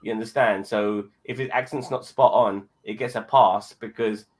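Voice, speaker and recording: A British man co-hosting a casual chat, emphatic and quick with asides, swearing freely. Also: on the low side, steady tone. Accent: British English. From Britain. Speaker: podcast co-host.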